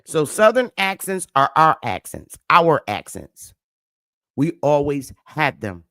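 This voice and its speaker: A man speaking on a livestream in a slow, emphatic way, repeating his key words. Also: fairly high pitch, sing-song, a bit bright, dry recording. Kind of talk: livestream talk.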